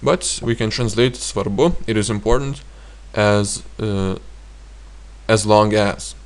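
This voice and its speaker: A man with a Lithuanian accent teaching grammar in a slow, halting way with frequent fillers. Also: lowish voice. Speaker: language teacher.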